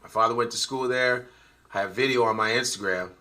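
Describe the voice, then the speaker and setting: A man who is a comedian, ranting emphatically in a profane, animated way and slipping into voices. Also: mid-range voice, a little fast. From United States. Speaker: comedian guest. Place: played clip of an interview show.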